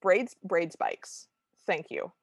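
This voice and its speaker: A woman with a fairly low voice co-hosts a podcast, picking apart an old cartoon in a chatty, wry and detailed way. The sound is dry and close to the mic. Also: takes it slowly, no echo. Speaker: podcast co-host. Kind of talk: casual chat reviewing a cartoon.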